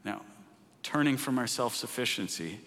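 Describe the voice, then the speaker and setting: A man preaching a sermon with passion, rising to loud urging and dropping to a hushed near-whisper. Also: medium pitch, expressive, moderate pace. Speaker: pastor. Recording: long hall reverb.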